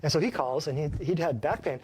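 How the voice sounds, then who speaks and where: A man's voice: on the high side, a little fast, darkish tone, a little hiss or hum. A man who works as a chiropractor, giving a folksy, emphatic health talk to a small live audience and keeps asking them questions.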